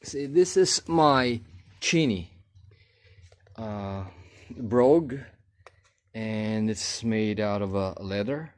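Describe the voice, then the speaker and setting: Slow, low-voiced man unboxing. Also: expressive. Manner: unhurried, halting, with many pauses and fillers. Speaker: vlogger unboxing shoes. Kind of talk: casual unboxing commentary.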